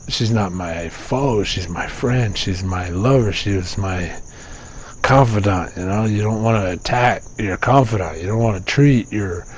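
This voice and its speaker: A man's voice: low-pitched, slight background noise. A young man hosting a podcast, talking through his life in a candid, profane, self-questioning ramble full of restarts. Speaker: podcast host. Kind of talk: casual personal monologue.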